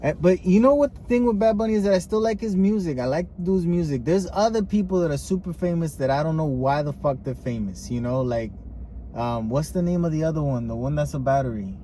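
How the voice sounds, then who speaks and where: A man co-hosting a casual podcast chat, animated and profane, dropping Spanish words now and then. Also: fairly high pitch, brisk, a little hiss or hum. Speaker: podcast co-host.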